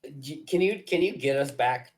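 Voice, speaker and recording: A man's voice: fairly high pitch, moderate pace. A man co-hosting a podcast, chiming in with tired, profane reactions. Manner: weary, swearing reactions. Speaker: podcast co-host. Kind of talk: casual book review chat. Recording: distant mic with background noise.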